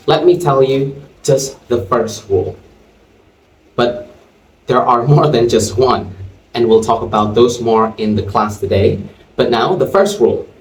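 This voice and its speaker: Male English teacher, slow and deliberate, roomy off-mic sound. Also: mid-range voice, a little mellow, distant mic. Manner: slow, deliberate explaining with spelled-out endings. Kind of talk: English grammar lesson.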